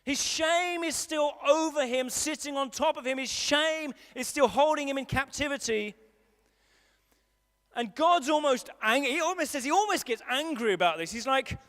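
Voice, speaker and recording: A man's voice: very high-pitched, animated, moderate pace, pushed and bright. A man preaching a sermon in a conversational way, driving points home by repeating them, at a live service in a large hall. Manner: conversational, emphatic repetition.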